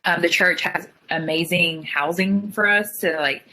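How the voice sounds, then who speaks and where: A young woman telling her own story in casual chat, full of "like" fillers and quick retellings. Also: on the low side, sharp tone, poor audio. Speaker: guest sharing her story.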